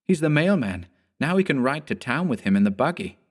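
A man voicing a frightened twelve-year-old country boy who pleads in a high, strained voice. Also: big pitch swings, fairly quick. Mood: urgent.

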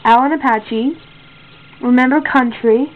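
A fairly high-voiced woman hosts a homemade contest video and rambles along, stopping to correct herself and filling gaps with ums. The sound is thin and tinny, with a faint hiss underneath. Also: a little slow. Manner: rambling, with many fillers and self-corrections. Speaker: contest host. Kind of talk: casual home video.

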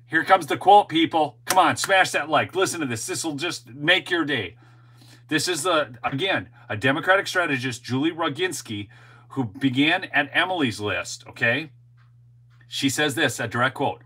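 High, bright-voiced emphatic male commentator. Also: expressive, normal speed, husky, rough recording. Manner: emphatic, talks straight to viewers. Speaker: show host and political commentator. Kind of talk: opinionated commentary monologue.

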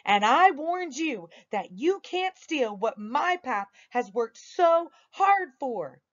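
A woman voicing a brave young pioneer girl who shouts defiantly. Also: on the high side, very animated, unhurried, highs cut off, voice pushed up.

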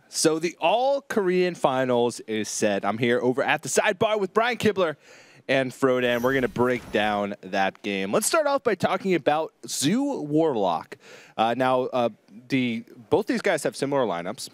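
A man's voice: medium pitch, very animated, normal speed, dry recording. A man hosting an analysis desk, leading the discussion with questions. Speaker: desk host.

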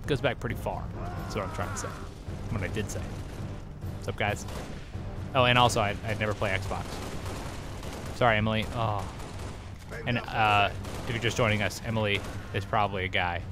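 A man giving goofy, excitable let's play commentary, trash-talking the game as he plays. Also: lowish voice, normal speed, long pauses, music in the background. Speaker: gaming host. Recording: noisy game-audio mix. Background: game sound effects and vehicles.

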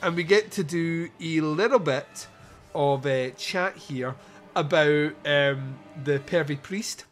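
A man's voice: fairly high pitch, slow pace, faint music behind. A man hosting a podcast, chatting casually and animatedly about a film, swearing and laughing often. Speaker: podcast host. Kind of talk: casual film review chat.

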